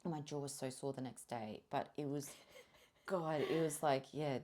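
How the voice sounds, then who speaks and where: A young woman with a low voice tells her birth story as a podcast guest. She is candid and animated, swears freely and laughs often. She drops to a hush when she quotes her own thoughts. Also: normal speed.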